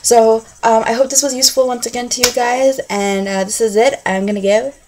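A woman's voice: on the high side, a little fast, background noise. A young woman vlogging to her camera in a casual, chatty way, full of fillers and repeated words, acting out reactions with gasps. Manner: animated, acts out fan reactions with gasps.

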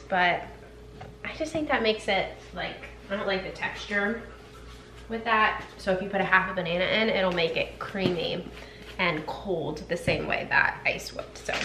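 A young woman in her twenties chatting casually in a home vlog, rambling with fillers, and switching to a high sing-song voice to call her dogs. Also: lively intonation, measured pace, noisy background. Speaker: vlogger.

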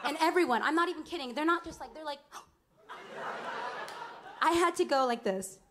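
A woman in her twenties telling a lively, laughing stage story between songs at a small club, acting out other people's lines. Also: high-pitched, fast, background noise. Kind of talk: onstage storytelling banter. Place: small live music club.

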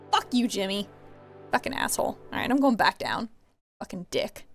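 A woman giving casual let's play commentary, chatty and laughing, often yelling profanities at characters. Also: mid-range voice, expressive, normal speed, vocal fry, soft background music. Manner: profane, yells at game characters. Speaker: gamer.

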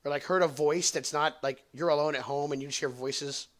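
This young man hosts a podcast and tells a lengthy, wandering story with swearing and jokes, laughing at his own material. His fairly high voice is brisk, with fairly even intonation.

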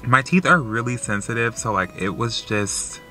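A man's voice: mid-range voice, normal speed, soft background music. A man vlogging in a casual, emotional way, packing nearly every phrase with "like.". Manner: filler-heavy, says "like" constantly; excitable and emotional. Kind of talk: casual vlog chat.

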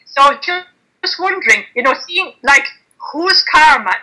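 A woman's voice: high-pitched, lively intonation, unhurried, sharp tone, rough recording. An Irish woman calling in to an online talk over a video call, chatty, rambling and self-deprecating. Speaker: caller.

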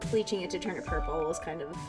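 A woman's voice: fairly low pitch, quick pace, over music. A young woman playing a video game, chatting casually and reading the on-screen text aloud. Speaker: let's play host.

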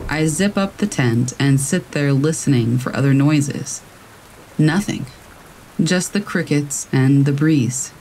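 A man narrating true scary stories in a slow, measured storytelling manner. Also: fairly high pitch, a little mellow, slight background noise, poor audio. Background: rain.

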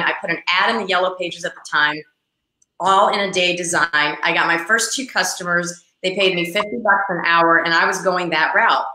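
Middle-aged female agent telling a lively anecdote in a roomy interview setting; crisp, bright tone, acts out the people in her story. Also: fairly low pitch, moderate pace. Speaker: real estate agent, guest. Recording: roomy echo.

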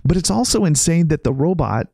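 A man hosting a casual reaction video, talking in an excitable, incredulous way and laughing often. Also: on the high side, brisk, vocal fry, no echo, studio quality. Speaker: YouTube reaction host.

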